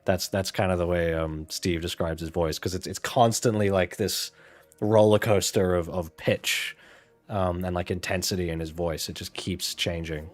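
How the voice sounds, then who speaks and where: A man's voice: sits low, steady tone, normal speed. A man casually rambling while playing a game, full of fillers and restarts, frank and offhand. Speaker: gaming channel host.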